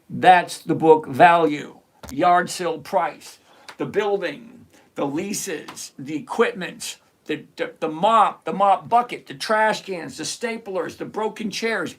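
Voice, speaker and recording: A man's voice: sits high, fairly bright tone. A man hosting a live stock-picking stream, blunt and sarcastic, explaining stock numbers like a chatty teacher. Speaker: livestream host. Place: at his computer, reviewing charts.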